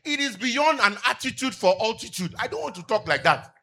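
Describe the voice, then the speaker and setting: A middle-aged man preaching a sermon as pastor, asking the congregation to finish his lines and rising to shouts. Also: high voice, expressive, a little fast, faint music behind. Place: church with outdoor canopy seating.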